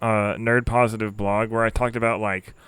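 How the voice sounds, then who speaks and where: A man's voice: lowish voice, flat delivery, moderate pace, a bit bright, clean tone, dry recording. A man hosting a podcast who talks casually and rambles, with many filler words. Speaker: podcast host. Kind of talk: casual interview chat.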